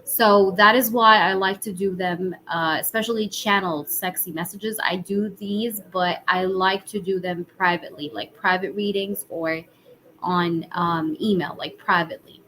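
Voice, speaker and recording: A woman with a husky voice giving casual tarot readings on a live stream, chatting with viewers and using many fillers. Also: mid-range voice, fairly even intonation, normal speed, sharp tone, rough recording. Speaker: tarot reader.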